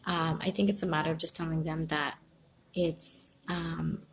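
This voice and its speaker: Calm woman giving advice. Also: low voice, moderate pace, a little hiss or hum. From Guyana. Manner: calm, reassuring, reads out viewer comments. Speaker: counsellor. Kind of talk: live-stream advice talk.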